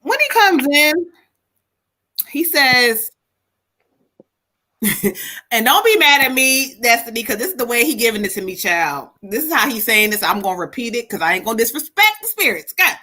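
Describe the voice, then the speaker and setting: A woman psychic medium doing a live card reading, chatty and animated with frequent laughter. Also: a little high, normal speed, pauses often.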